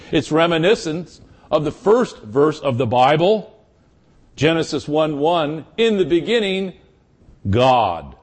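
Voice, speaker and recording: Male Bible teacher, higher voice, unhurried expository delivery, measured phrasing. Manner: slow, measured, deliberate phrasing.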